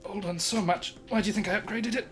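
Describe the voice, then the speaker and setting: A man voicing an eccentric male wizard inventor who speaks in a halting, hesitant way. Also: high-pitched, fairly even intonation, soft background music, voice pushed up, lightly acted. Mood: fussy.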